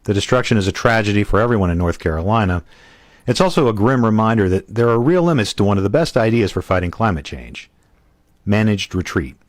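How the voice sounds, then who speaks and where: Man, very low voice, podcast co-host, reading aloud, measured delivery, dry sound. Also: dry recording.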